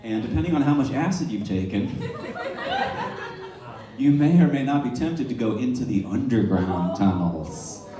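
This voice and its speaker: Male comic, profane rambling storyteller with a lively, swooping delivery, picked up from across an echoey bar with the crowd laughing. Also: mid-range voice, normal speed, far from the mic. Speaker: stand-up comedian. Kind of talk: stand-up comedy set.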